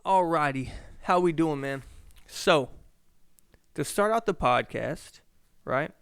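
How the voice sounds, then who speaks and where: A man's voice: a little high, slow pace, creaky, smooth, no echo, clean studio sound. A young man hosting his own podcast, ranting casually and profanely about sports and home life into a handheld mic. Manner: profane, rambling, animated rants. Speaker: podcast host.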